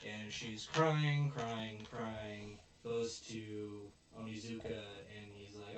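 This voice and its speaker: A man's voice: fairly low pitch, takes it slowly. Man recapping a show, roomy echo. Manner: retells scenes with animated quoted voices. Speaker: podcast co-host. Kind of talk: casual recap chat. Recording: roomy echo, distant mic.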